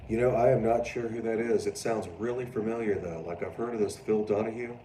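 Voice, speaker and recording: Low-voiced guy ranting on his stream, cussing a lot, roomy echo, sounds a bit off mic. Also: a little fast, far from the mic, slight background noise. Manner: loud, animated, profane, prone to mocking voices. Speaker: livestream host. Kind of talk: casual livestream chat reading viewer comments.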